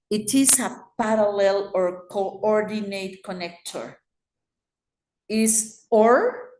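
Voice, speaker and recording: A woman with a Mexican Spanish accent teaches English grammar in an online class, explaining patiently and checking in with her students. Her voice is mid-range, and the audio is reverberant.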